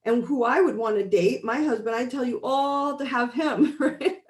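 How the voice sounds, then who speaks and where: A woman's voice: fairly high pitch, normal speed. Emphatic woman coach in an echoey room. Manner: emphatic, blunt, animated. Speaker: life coach. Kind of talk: live-stream motivational talk.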